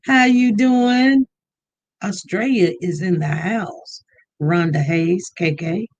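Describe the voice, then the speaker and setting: A livestream host in casual chat, greeting viewers one by one by name in an easygoing, unhurried way and inviting them to call in. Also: mid-range voice, muffled recording, a little hiss or hum.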